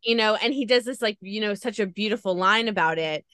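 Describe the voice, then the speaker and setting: A woman's voice: medium pitch, brisk, a bit bright, clear, resonant tone, dry recording. A woman podcast host gushing as she retells a story in a casual interview chat.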